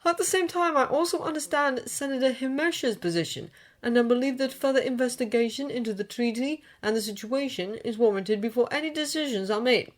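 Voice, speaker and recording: Woman reading as Obi-Wan Kenobi, smooth diplomat. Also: fairly high pitch, expressive, brisk, darkish tone, pitched above the performer's own voice, lightly acted. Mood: diplomatic. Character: male Jedi chancellor, calm and diplomatic.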